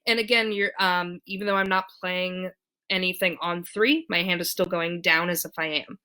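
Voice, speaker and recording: A woman's voice: lowish voice, fairly even intonation, normal speed, loud music behind the voice. A woman teaching ukulele in a casual tutorial, counting beats aloud with many ums. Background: her own ukulele strumming.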